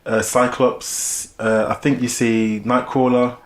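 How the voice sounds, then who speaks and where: A man's voice: medium pitch, level tone, slow, reverberant. A man co-hosting a casual film review, laughing easily and chipping in with names and short agreements.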